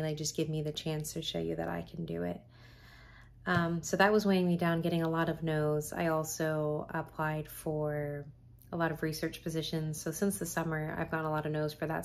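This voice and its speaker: Tired, chatty low-voiced woman with gravel. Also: darkish tone, a little hiss or hum. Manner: candid, chatty, many fillers. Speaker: medical student vlogger. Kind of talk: casual vlog chat. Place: home.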